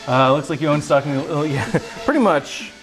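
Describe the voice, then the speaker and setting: Streamer-chef: a man with a slightly high voice, jokey and chatty, music playing behind him. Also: expressive, normal speed. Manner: joking, chatty, talks to himself while cooking. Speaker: livestream cooking host. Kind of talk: casual livestream chat. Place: home kitchen.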